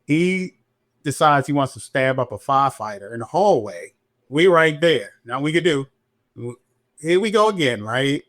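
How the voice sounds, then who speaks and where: A middle-aged police officer appears as a podcast guest, recounting his story with candor and energy at a moderate pace. Whenever he quotes someone, his voice leaps higher as he acts the line out.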